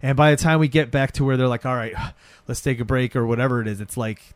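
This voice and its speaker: A man's voice: mid-range voice, fast talker, no echo. Casual man retelling a movie. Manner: animated retelling, acting out characters' lines. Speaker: podcast co-host recapping a film. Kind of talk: casual profane chat.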